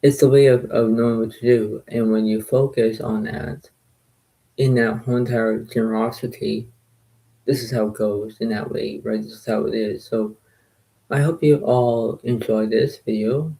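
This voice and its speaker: Brief: soft-spoken man, low, dark gravelly voice, rambling casual vlog talk. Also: steady tone, normal speed, rough recording. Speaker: poker video creator. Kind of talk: casual rambling recap to viewers.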